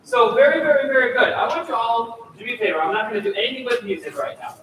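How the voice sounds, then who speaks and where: A man coaches a student choir, his voice high and animated as he demonstrates different vocal sounds. He is heard from across a large echoey hall, with noise in the recording. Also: quick pace. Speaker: choir clinician. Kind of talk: choir rehearsal instruction. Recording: echoey room, mic far off, noisy.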